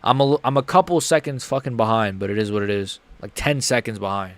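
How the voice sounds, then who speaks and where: A young man streaming a live fight reaction, excitable, joking and profane. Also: on the low side, brisk, dry recording.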